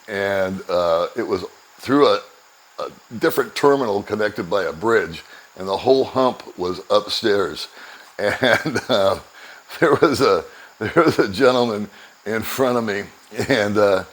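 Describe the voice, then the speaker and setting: A man's voice: fairly low pitch, poor audio. An older American man casually telling a travel story, often chuckling and acting out both sides of conversations. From United States. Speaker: vlogger.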